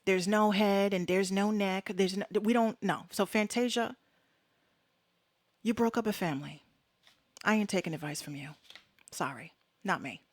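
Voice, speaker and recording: A woman's voice: medium pitch, moderate pace, pauses often, no echo. A woman hosting her own podcast, giving blunt, fired-up opinions in slangy, frank talk with plenty of swearing. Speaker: podcast host. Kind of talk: casual solo talk.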